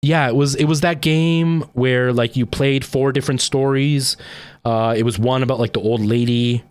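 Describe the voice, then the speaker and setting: A man's voice: medium pitch, fairly even intonation, moderate pace, darkish tone, clear, resonant tone, no echo. A man with a Canadian accent, chatting casually with live-stream viewers and rambling along with plenty of "like" and "um". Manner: rambling, with frequent "like" and "um".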